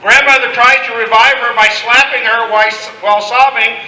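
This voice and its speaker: Playful high-voiced male storyteller. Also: fairly even intonation, moderate pace, noisy background. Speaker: storyteller leading an audience skit. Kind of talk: narrating a participation skit to a live audience. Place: large room with an audience. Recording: echoey room sound.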